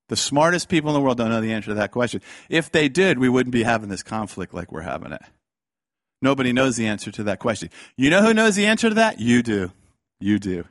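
A man preaching a fiery sermon, swinging between loud outbursts and hushed lines and acting out the voices he quotes. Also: medium pitch, no room sound, studio quality.

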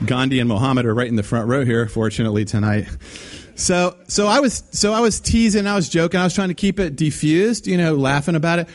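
A man preaching a sermon, telling a story in an animated, emphatic way with frequent restarts. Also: on the high side, fast talker.

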